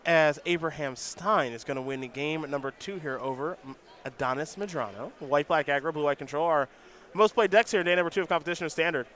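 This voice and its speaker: A man giving live play-by-play commentary on a card game tournament, brisk and joking, now and then tripping over card names. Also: fairly high pitch, a bit bright.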